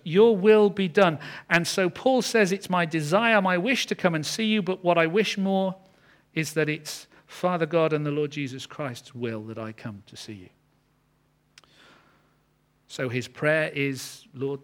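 A man with a slightly higher voice delivers a morning sermon. He teaches earnestly and slows down to stress the key words. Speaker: pastor.

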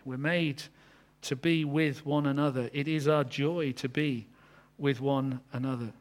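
A man preaching a sermon, earnest, building to emphatic peaks and then dropping low.

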